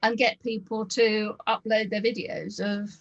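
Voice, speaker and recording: A woman's voice: medium pitch, flat delivery, measured pace, dull audio. A woman with a Northern English accent hosting a casual video-call chat, talking in an enthusiastic, rambling way with lots of ums. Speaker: host.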